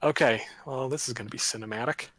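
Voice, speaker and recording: A man running a tabletop game as game master, talking in a relaxed, rambling way with fillers. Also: medium pitch, fast, dry recording.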